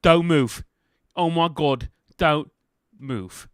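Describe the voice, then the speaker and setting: A man's voice: on the high side, clean tone, no room sound, pitched above the performer's own voice. A man voicing an exasperated, fussy young woman student in a tabletop game. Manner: exasperated, fast. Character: flustered female student, fussy and alarmed.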